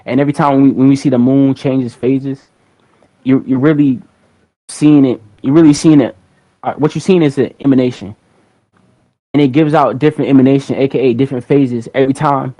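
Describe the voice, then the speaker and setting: A young man talking loosely on a livestream, his voice at an ordinary middle pitch. He rambles in slang, repeats himself and talks straight to his chat from a streaming mic at his computer. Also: fairly even intonation, fairly quick, warm tone, rough recording. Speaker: livestream host.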